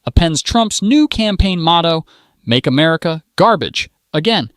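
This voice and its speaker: A man narrates a scripted celebrity-gossip roast in a mocking, punchline-driven way. His voice sits fairly high and leaps around expressively, and the recording is dry and close. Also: lively intonation, moderate pace, a bit bright, no echo. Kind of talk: scripted sarcastic commentary narration.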